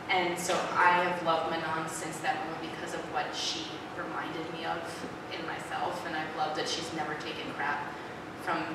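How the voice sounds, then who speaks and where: A woman's voice: low-pitched, heavy background noise. A woman author talking casually to a live audience at a book event. She is chatty and candid, uses many fillers and restarts, and gets openly emotional. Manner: openly emotional, close to tears at times. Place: large indoor event hall. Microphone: filmed from far off in the audience. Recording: distant echoey hall with loud ambience.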